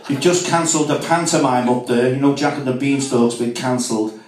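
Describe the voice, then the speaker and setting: A man's voice: mid-range voice, very noisy. A man from Merseyside with a Liverpool accent doing a stand-up comedy set, firing off jokes with lots of "you know" fillers. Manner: rapid joke delivery with many "you know" fillers. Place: club room with live audience. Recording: echoey room, distant mic.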